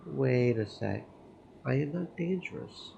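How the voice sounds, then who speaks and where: A man reading Kevin, a gravelly flirting priest. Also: medium pitch, expressive, a little slow, dark tone, a little hiss or hum. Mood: flirty. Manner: teasing, easygoing banter. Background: game music.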